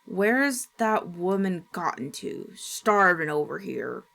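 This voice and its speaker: A woman voicing a bloated, ravenous old grandfather turning into a monster, with a rasping, smoke-thick growl. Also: on the low side, sing-song, slow pace, fairly bright tone, heavily acted. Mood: impatient.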